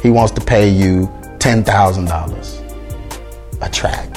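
A middle-aged music producer tells his story in conversation with a low-pitched voice, speaking a little slowly. He retells events in a lively way, acting out the voices of the people he quotes.

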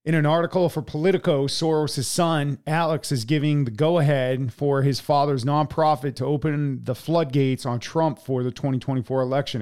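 Clear-voiced man reading articles, opinionated. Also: mid-range voice, a little mellow. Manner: reads with fillers and profane editorial remarks. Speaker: podcast co-host. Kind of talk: reading news articles with commentary.

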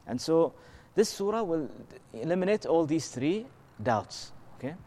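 In an easygoing, explanatory scripture lesson, a religious teacher keeps throwing out rhetorical questions and a quick "okay?" to keep listeners with him. He shifts into melodic Arabic recitation of verses now and then, speaking in a slightly high voice.

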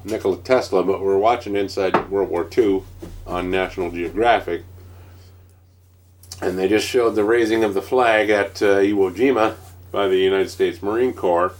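Deep-voiced blunt man arguing game rules. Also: steady tone, moderate pace. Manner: blunt, swears freely, argues rules. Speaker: board game player. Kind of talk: casual chat over a board game.

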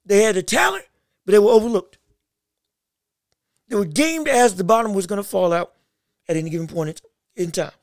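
A woman's voice: medium pitch, lively intonation, fairly quick, pauses often, darkish tone, no echo, clean studio sound. A woman sports vlogger giving casual commentary, talking emphatically and repeating phrases for emphasis.

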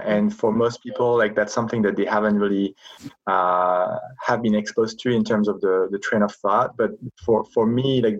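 A low-voiced man with a husky tone explains his product in an interview, hesitant and earnest. The audio is dull and lo-fi. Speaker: company founder, podcast guest. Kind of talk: interview answers.

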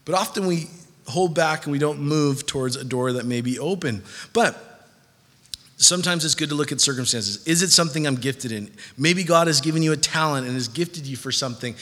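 A man's voice: on the high side, a little fast, a bit bright. A man preaching a sermon in a casual, conversational way, acting out listeners' voices. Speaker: pastor. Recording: hall reverb.

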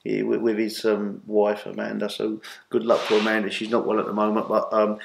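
A man, a guest in an interview, telling long animated anecdotes full of restarts and fillers. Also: lowish voice, brisk, creaky, noisy background. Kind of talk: casual storytelling interview. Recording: roomy echo.

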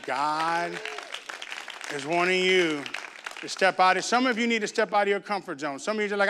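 A man's voice: high-pitched, normal speed, fairly bright tone, some chatter behind. A male pastor preaching a fervent sermon, repeating himself and calling for amens from the congregation. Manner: fervent, repetitive call-and-response preaching. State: raises his voice at times.

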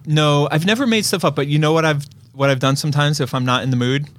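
A man co-hosting a casual podcast chat, relaxed and quick to agree. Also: fairly high pitch, no room sound. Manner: laid-back, lots of quick agreeing. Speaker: podcast co-host.

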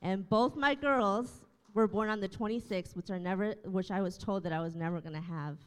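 A woman's voice: mid-range voice, moderate pace, big-room sound. A woman in her thirties, a church staff member, telling her testimony in an interview with earnest storytelling and many fillers. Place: church room.

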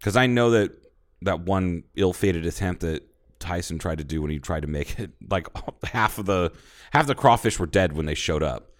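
Low-voiced man, blunt and profane, dry sound. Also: moderate pace, no room sound. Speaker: podcast co-host. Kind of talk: casual chat.

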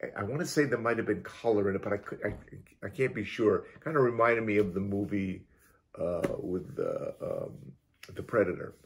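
A man's voice: on the low side, moderate pace, slight background noise. A man from Utah telling a strange personal story as an interview guest, acting out sounds and quoted lines with frequent restarts. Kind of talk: animated storytelling.

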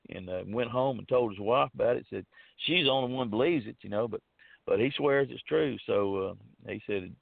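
A man's voice: mid-range voice, a little fast, creaky, no room sound. A man from Arkansas with a Southern accent, telling a long hunting story in a rambling, folksy way with many fillers and restarts. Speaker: storyteller guest. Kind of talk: casual spoken storytelling. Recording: dry, phone-like narrow sound.

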